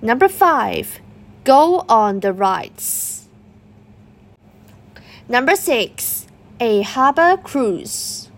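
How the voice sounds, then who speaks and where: Woman, school dictation, very slow, punctuation read aloud, fairly high voice. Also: creaky. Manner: reads punctuation aloud, words spaced and deliberate. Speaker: dictation reader.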